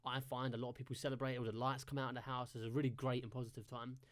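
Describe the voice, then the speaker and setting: A man's voice: mid-range voice, flat delivery, very fast. A man with a London accent, hosting a reaction video and thinking aloud in a loose, rambling way. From London, England. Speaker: reaction host. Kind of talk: casual reaction commentary.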